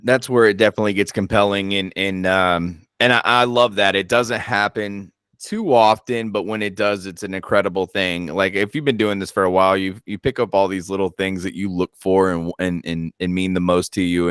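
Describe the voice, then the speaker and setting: A man hosting a paranormal channel, chatting casually and telling animated stories, swearing and acting out his own reactions. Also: low-pitched, moderate pace, hardly any pauses, clear, resonant tone, no echo, clean studio sound. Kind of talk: casual chat.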